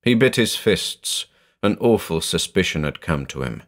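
A man reading a horror story aloud in a dramatic, measured narration. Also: deep voice, very animated, fairly bright tone.

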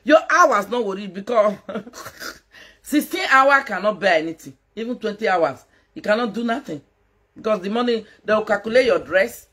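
A woman's voice: medium pitch, animated, normal speed, a bit bright, slightly rough. A Nigerian woman doing a casual live-stream gossip rant as a social media commentator, mocking, laughing and scolding.

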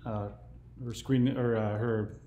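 A man's voice: fairly low pitch, little pitch movement, takes it slowly, dark tone, reverberant, highs cut off. A man in his forties from California, hosting a casual phone conversation for his channel in an easygoing, meandering way. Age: 40s. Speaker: YouTube host.

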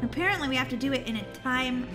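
A woman hosting a game let's-play with bubbly, excitable, jokey commentary. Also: high-pitched, fast talker. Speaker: gaming channel host. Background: game music.

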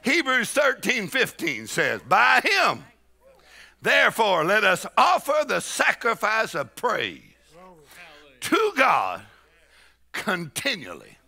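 A man preaching a charismatic sermon in church, folksy and full of shouted praise and laughter. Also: high-pitched, huge pitch swings, slow, gravelly. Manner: folksy, with y'all and ain't. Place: church sanctuary with congregation.

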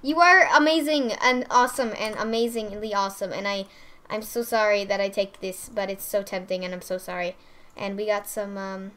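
A young woman hosting let's play commentary, gushing and excitable with frequent squeals and giggles. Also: medium pitch, moderate pace. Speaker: gaming channel host.

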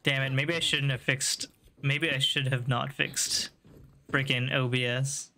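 A man's voice: mid-range voice, little pitch movement, measured pace, gravelly, bright, forceful tone, a little hiss or hum. A man streaming a video game live, chatting casually, joking, swearing and laughing a lot as he plays. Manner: jokey, laughs often, swears, teases chat. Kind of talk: casual live gameplay commentary.

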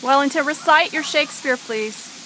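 A woman's voice: high-pitched, moderate pace, background noise. A mother filming her small son in an outdoor garden, coaxing and teasing him in a playful way. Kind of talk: casual home video chat. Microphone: handheld camera mic.

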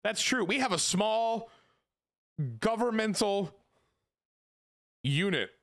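A man's voice: sits high, expressive, slow, fairly bright tone. A man streaming a game, chatting casually with his viewers, swearing and joking as he rambles. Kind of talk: casual live-stream chat.

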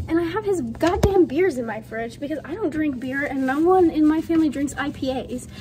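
High-voiced joking woman vlogger. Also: a little fast, hardly any pauses, background noise. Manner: rambling, jokey, laughs often, swears. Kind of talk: casual chat to camera. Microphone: phone camera.

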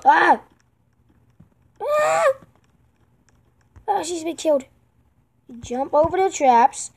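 A woman giving excitable let's-play commentary while gaming online with friends, yelping, pleading with the game and repeating herself. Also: high voice, unhurried, vocal fry. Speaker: gamer playing online with friends.

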